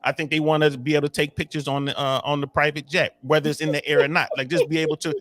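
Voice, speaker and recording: A man talking as a podcast guest in casual chat. He is animated and slangy and often repeats words as he goes. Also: a little high, fast talker, no room sound.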